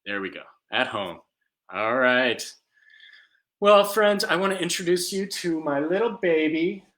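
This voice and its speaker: A man's voice: fairly high pitch, expressive, unhurried. A man teaching a live music class for small children from home, singing songs and making animal sounds with a ukulele. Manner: gentle, sings songs and makes animal sounds for young children.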